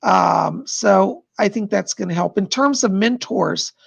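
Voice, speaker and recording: Gravelly man giving psychic readings. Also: sits high, a little slow. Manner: chatty, rambling, repeats "she said". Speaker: psychic livestream host. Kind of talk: live-stream psychic readings.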